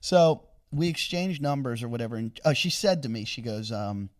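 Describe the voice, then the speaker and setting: A man's voice: medium pitch, lively intonation, normal speed, darkish tone. A man, a comedian, telling a long, crude anecdote on a casual podcast and chuckling as he goes. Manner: rambling, profane anecdote with chuckles.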